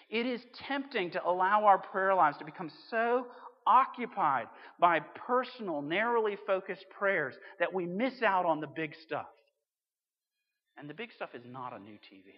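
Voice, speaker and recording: A pastor preaching a sermon in a conversational way, with emphatic swings between loud and quiet. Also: male voice, sits high. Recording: dull sound with long hall reverb.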